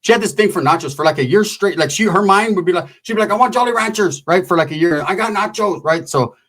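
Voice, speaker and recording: A man's voice: on the high side, quick pace. A man telling a rowdy personal story in profane slang, acting out the people he quotes. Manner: profane, animated, acts out quotes.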